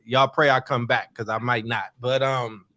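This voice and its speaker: A man hosting a podcast in casual chat, warm and effusive, often repeating and stumbling over words. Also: mid-range voice, little pitch movement, normal speed. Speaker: podcast host.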